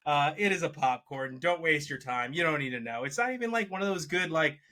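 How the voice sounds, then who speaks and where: A man co-hosting a podcast, giving casual reviews with frequent laughs and lively asides. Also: fairly high pitch, a little fast. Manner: animated, laughs often, mocks accents in quotes. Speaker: podcast co-host.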